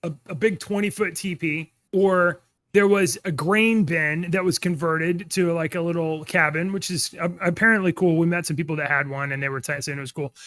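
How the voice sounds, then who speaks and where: Man, high voice, casual podcast chat, rambling storyteller, dry sound. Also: dry recording. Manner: rambling, animated storytelling with laughs. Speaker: podcast co-host.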